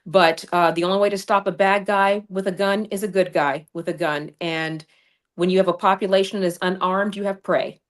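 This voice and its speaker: A woman's voice: medium pitch, fairly even intonation, normal speed. A woman running for Congress, a guest on a livestream, telling her story in a fiery, combative way. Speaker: congressional candidate. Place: home studio over streaming video call. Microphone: remote streaming mic.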